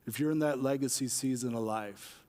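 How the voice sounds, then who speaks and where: A man's voice: mid-range voice, normal speed, a little mellow. A man, a pastor, preaching a sermon in a conversational way and speaking directly to his congregation. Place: church sanctuary. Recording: long church-hall reverb.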